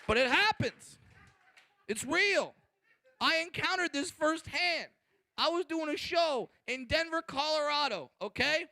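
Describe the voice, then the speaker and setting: Guy doing stand-up, high bright voice, crude and brash, swears a lot. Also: expressive, unhurried, dry recording. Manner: crude, brash, profane storytelling. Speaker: stand-up comedian. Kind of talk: stand-up comedy set.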